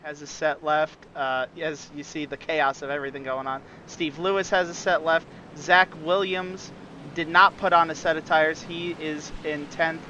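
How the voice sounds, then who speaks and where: A man's voice: on the high side, steady tone, moderate pace, pushed and bright, slight background noise. A man reporting from the pits on a sim racing broadcast, giving a methodical strategy rundown. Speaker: pit reporter. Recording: dull, lo-fi mic.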